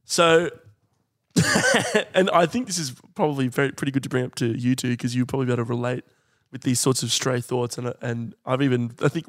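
A musician telling rambling stories with frequent chuckles in a casual podcast chat. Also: male voice, mid-range voice, no room sound, clean studio sound.

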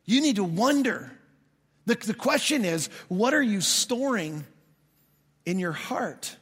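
Guy preaching, chatty and funny storyteller, pretty high voice, big echoey church sound. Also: animated, takes it slowly, a bit bright, breathy edge. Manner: conversational, storytelling with humor. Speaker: pastor. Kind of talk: sermon. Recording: long hall reverb.

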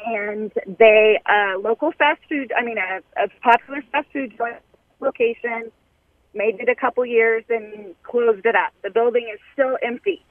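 A woman's voice: a little high, normal speed, no room sound. A woman calling in to a radio show, describing a complaint in a plain, matter-of-fact way. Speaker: caller. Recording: tinny breaking-up phone line.

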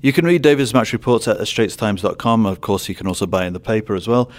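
A man's voice: lowish voice, animated, fast. A man hosting a sports podcast, leading a casual chat in a playful, teasing way. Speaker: podcast host.

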